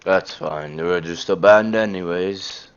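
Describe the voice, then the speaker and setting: A man's voice: deep voice, a little slow, smooth, muffled recording. A man playing a tabletop game, blunt and sarcastic, swearing now and then. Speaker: player. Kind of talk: casual tabletop game chat.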